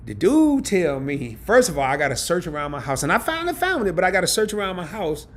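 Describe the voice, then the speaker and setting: A man, hosting a casual live stream from his home and telling a story in an animated, laughing, colloquial way. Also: high-pitched, quick pace. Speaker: host of a travel and credit card channel.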